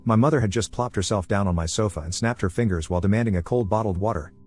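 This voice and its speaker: A man reads a first-person story at a rapid clip. His voice sits on the low side and sounds slightly husky, and his telling is blunt and salty. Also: a little mellow, faint music behind. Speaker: story narrator.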